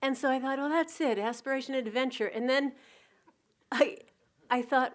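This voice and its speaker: A middle-aged woman giving a reflective spiritual talk, telling anecdotes in a gentle, unhurried way with soft restarts. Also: sits high, fairly even intonation. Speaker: spiritual community teacher.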